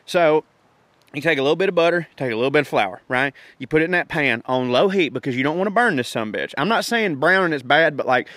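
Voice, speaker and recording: Man, podcast host, higher voice, dry close sound, rambling and jokey. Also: animated, quick pace, a bit bright, no echo. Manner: rambling, folksy, profane and jokey. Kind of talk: casual cooking talk.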